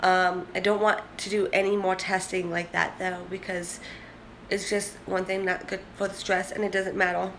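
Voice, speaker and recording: A woman's voice: medium pitch, flat delivery, moderate pace, fairly bright tone, slight background noise. A young woman in a casual vlog, chatting candidly and rambling to the camera. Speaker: vlogger.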